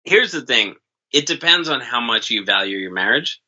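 A man co-hosting a comedy podcast, giving blunt, halting advice with many restarts. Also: mid-range voice, expressive, sharp tone, dull audio. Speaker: podcast co-host.

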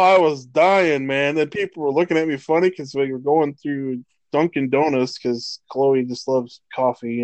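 Guy in his 30s ranting about football, cussing a lot, gets loud and fast, dry close sound. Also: mid-range voice, dry recording. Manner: profane, animated rants. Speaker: podcast co-host. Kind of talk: casual sports chat.

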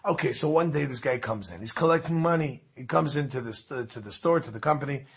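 Husky man telling a lively story. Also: mid-range voice, fast talker. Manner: lively, with frequent restarts and asides. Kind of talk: casual religious storytelling.

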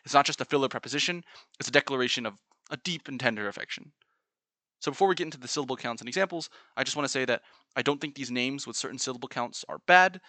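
Bright-voiced man explaining earnestly. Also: mid-range voice, quick pace, dry recording. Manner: earnest, playfully analytical. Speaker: video essayist. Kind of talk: explanatory monologue with sung examples.

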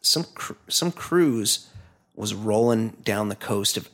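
A man's voice: fairly low pitch, animated, slow pace, a bit bright. A man co-hosting a podcast, telling a news story in a rambling, profane way, with lots of fillers. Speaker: podcast co-host. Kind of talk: casual chat.

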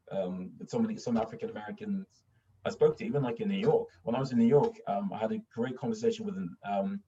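A man from Sweden chatting casually in an animated way, often repeating himself and laughing through his stories. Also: mid-range voice. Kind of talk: casual conversation. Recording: distant, dull lo-fi mic.

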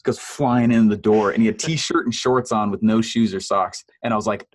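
A man in his thirties, a guest telling his story in a casual interview, animated and laughing often, leaping up in pitch for quoted voices. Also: normal speed.

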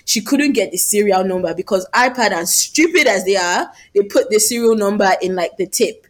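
Young woman telling a story on a podcast, animated, keeps doing other people's voices. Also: mid-range voice, moderate pace. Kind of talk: casual storytelling chat.

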